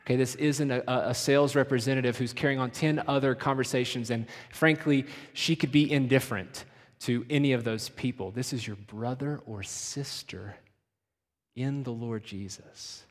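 A man preaching a sermon as pastor, pressing points hard, then dropping to hushed, slowed phrases. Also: mid-range voice, steady tone. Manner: emphatic, swinging from loud urging to hushed, slowed phrases. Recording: long hall reverb.

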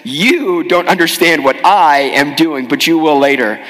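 A man voicing Jesus as a calm, patient teacher, speaking low and measured during a sermon, with a long hall reverb. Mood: grave.

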